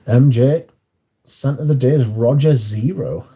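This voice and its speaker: A man's voice: medium pitch, unhurried, warm tone, slightly rough. A man hosting a livestream in casual chat, reading out viewer comments and answering them in a dry, offhand way.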